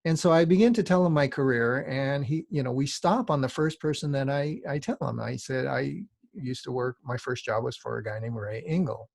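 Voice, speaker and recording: A middle-aged man with a gravelly edge to his voice, lecturing a class in a loose, conversational way. His pitch sits in an ordinary middle range, and the sound is dry and close. He wanders into asides as he teaches. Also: normal speed, a little mellow, no echo. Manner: rambling, conversational, frequent asides. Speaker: design teacher. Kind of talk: lecture with casual storytelling.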